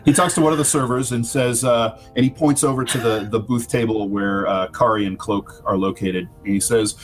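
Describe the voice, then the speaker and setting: A man narrating a tabletop game as game master, relaxed and halting with many fillers. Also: mid-range voice. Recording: faint background music.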